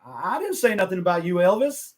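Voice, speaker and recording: A man's voice: sits high, sing-song, brisk. Guy doing a meek nervous sidekick, pleading. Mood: timid.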